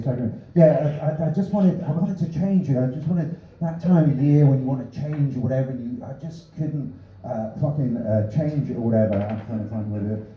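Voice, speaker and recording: A man works through a stand-up set in a small comedy club, dropping dry puns and offhand asides. His mid-pitched voice reaches the mic from a distance, and the room's echo leaves the sound a little dull. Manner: dry punning one-liners with offhand asides. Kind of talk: stand-up set testing new jokes. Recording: echoey room, distant, slightly dull.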